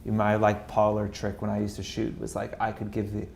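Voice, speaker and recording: A man's voice: fairly low pitch, completely flat delivery, moderate pace, creaky, darkish tone, a little hiss or hum. A man hosting a podcast, asking questions in a casual, conversational way with many restarts. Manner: conversational, lots of fillers and restarts. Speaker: podcast host. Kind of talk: casual interview chat.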